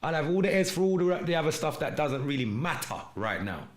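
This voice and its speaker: A man hosting a live stream podcast, delivering an urgent, preachy monologue in street slang and shouting out viewers in the chat. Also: fairly high pitch, big pitch swings, brisk. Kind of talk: impassioned livestream monologue with chat shout-outs.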